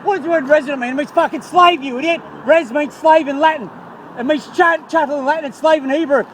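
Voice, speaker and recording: Irate, high-voiced Australian man arguing. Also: quick pace, a bit bright, slight background noise. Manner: irate, argumentative, swears heavily. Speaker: motorist stopped by police. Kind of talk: heated roadside argument. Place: outdoors by a road.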